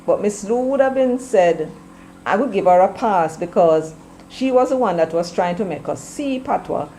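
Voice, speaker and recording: A woman's voice: mid-range voice, lively intonation, moderate pace, dark tone, slight background noise, rough recording. Scolding Jamaican woman commentator. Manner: scolding, full of rhetorical questions; switches between English and patois. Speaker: political commentator. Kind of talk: opinion commentary to camera.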